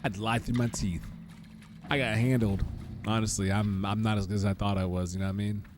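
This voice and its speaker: A man's voice: fairly low pitch, flat delivery, brisk, background noise. A man streaming a game, joking casually and chatting with viewers by name. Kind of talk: casual live-stream commentary. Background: game music.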